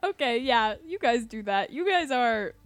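Young woman gm'ing a tabletop game, slow and full of ums, bit high, faint music behind. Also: lively intonation. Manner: unhurried, giggly, with many ums. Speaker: game master. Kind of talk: narrating a tabletop game on college radio.

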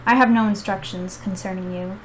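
A woman reading aloud as a calm male assassin who speaks softly and reasonably. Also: mid-range voice, brisk, slight background noise, close to an everyday voice, poor audio. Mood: cold. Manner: soft, even, reasonable tone.

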